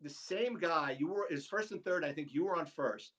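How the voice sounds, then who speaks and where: High-voiced man telling animated stories. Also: a little fast. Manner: animated storyteller, mimics voices. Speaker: podcast co-host. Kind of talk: casual sports chat.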